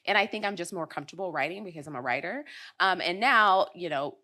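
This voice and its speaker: A woman's voice: on the low side, quick pace, sharp tone. A woman speaking casually on a conference panel, chatty and full of "like" and "you know.". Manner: chatty, filler-heavy, laughs easily.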